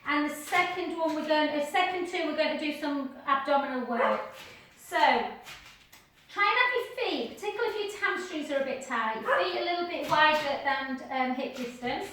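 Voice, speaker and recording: A woman leading a live pilates class from home, cueing gently with counts and chatty asides. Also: high voice, lively intonation, moderate pace, a little hiss or hum. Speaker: pilates instructor. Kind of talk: live online class instruction. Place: home room with dog nearby. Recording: echoey room heard from a distance.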